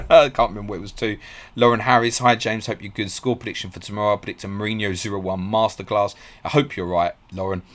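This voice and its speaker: A man hosting a live stream, reading out viewer questions and answering them quickly and bluntly. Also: lowish voice, fairly bright tone. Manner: fast, blunt and matey, calls viewers mate. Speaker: podcast host.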